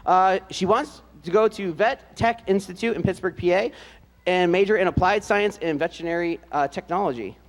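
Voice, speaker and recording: A man announcing at a ceremony and reading aloud, in a relaxed, joking way with frequent hesitant "uh" fillers. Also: high voice, moderate pace, in a large hall. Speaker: announcer introducing band seniors.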